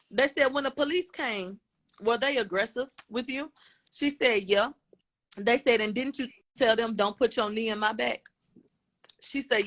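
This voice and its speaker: A woman's voice: a little high, fairly bright tone. Casual woman recapping testimony aloud. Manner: retells testimony, voicing both sides; informal, blunt, with slang. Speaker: commentator.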